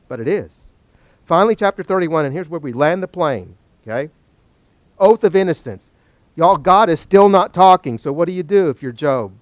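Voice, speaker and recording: A man teaching a Bible study, animated and joking, asking the class questions. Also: high voice, a little fast, no room sound.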